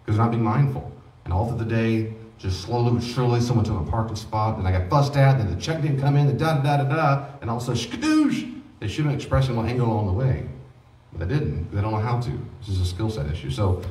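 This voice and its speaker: A man with a somewhat low voice teaches in a rapid, lively way, acting out exchanges with children. He sounds distant from the mic, and the room gives his voice a strong echo. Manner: animated, acts out dialogues with children. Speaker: pastor teaching a grief study. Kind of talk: informal teaching talk.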